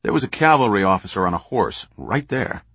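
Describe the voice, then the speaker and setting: A man voicing a gruff, profane American intelligence officer in an audiobook. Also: lowish voice, big pitch swings, a little fast, fairly bright tone, no room sound, exaggerated voice. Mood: blunt.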